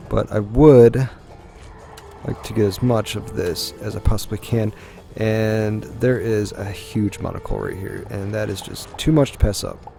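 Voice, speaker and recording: Young male let's-play host, low gravelly voice, unhurried, rambling gaming commentary full of ums. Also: warm tone. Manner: rambling, musing aloud with frequent ums.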